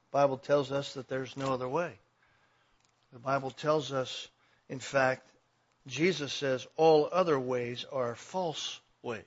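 A man preaching a sermon, swinging between loud declarations and quiet asides. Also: medium pitch, dull audio. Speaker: pastor.

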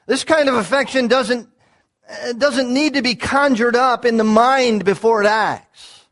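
A man with a high voice preaching a sermon. He talks earnestly and repeats key words for weight. He restarts small phrases as he explains. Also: fairly bright tone. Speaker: pastor.

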